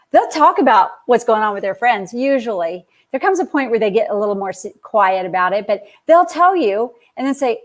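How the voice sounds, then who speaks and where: Animated, higher-voiced woman telling a parenting story. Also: brisk, few pauses. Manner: animated storyteller, acts out quoted dialogue. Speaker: author and speaker on parenting. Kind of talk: conversational interview answer.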